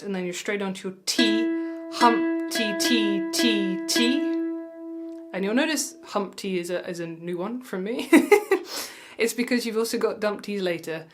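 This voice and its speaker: A woman with a mid-range voice gives a mandolin lesson in a calm, reassuring way, slowly counting the beats aloud. Her own mandolin playing rings out clearly under and between her words. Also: mid-range voice. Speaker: music tutor.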